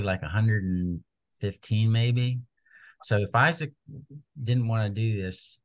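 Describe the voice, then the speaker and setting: Earnest low-voiced man leading Bible study. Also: darkish tone, rough recording. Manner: earnest, conversational, retells scripture.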